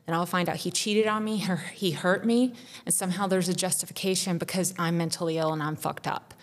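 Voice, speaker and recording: A woman's voice: lowish voice, steady tone, fairly quick. A woman co-hosting a podcast, pouring out a raw, intense personal confession with frequent swearing. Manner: raw, intense, profane, rising to tearful. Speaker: podcast co-host.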